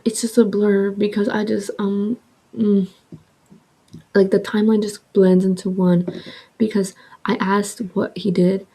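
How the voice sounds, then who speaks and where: Husky young woman telling a storytime. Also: mid-range voice, unhurried, long pauses, poor audio. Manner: chatty, heavy use of "like", swearing, animated retelling. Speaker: vlogger. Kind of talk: casual storytime with soft ASMR eating.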